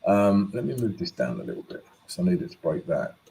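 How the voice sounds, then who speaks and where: A man's voice: low voice, very animated, brisk, creaky, dark tone, low-quality recording. A man hosting a live trading stream, chatty and upbeat, thinking aloud with fillers and tag questions as he walks through charts and greets viewers by name. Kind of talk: casual live-stream market commentary.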